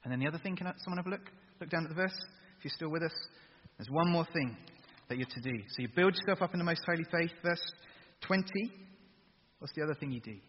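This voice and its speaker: A man preaching a sermon, asking his listeners direct questions in a lively way. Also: on the high side, quick pace, slight background noise. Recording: dull recording with long hall reverb.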